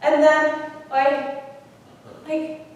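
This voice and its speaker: A woman's voice: high-pitched, little pitch movement, drawn-out words, highs cut off. A woman playing a wry outcast woman at the well. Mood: sardonic. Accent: Upper Midwest American. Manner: wry, conversational storytelling. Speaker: pastor. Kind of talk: first-person dramatic monologue in a sermon. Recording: echoey hall from far off.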